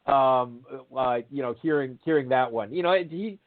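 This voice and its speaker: A man's voice: medium pitch, normal speed. A man telling a long, rambling anecdote in casual chat, full of fillers and restarts. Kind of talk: casual anecdote over a call. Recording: tinny phone-line audio.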